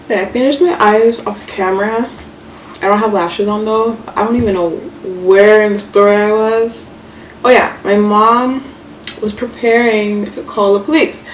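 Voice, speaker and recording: A young woman vlogger telling a story casually while doing her makeup, chatty and animated, full of fillers and swearing. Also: mid-range voice, normal speed. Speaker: beauty vlogger. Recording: echoey room, mic far off, faint hiss.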